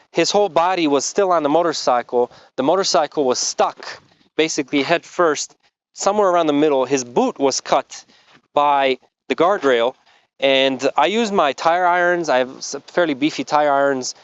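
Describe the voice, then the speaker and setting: A man's voice: on the high side, moderate pace, smooth, dry recording. Man guiding riders, dry dull sound. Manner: earnest storytelling, explains carefully. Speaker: motorcycle tour guide. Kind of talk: vlog narration. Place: outdoors on a mountain road.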